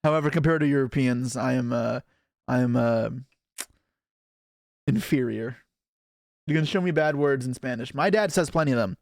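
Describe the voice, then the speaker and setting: A man's voice: medium pitch, normal speed, vocal fry, long pauses, darkish tone, no room sound, clean studio sound. A young man from Canada chatting casually on a live stream, rambling and self-deprecating as he reacts to chat.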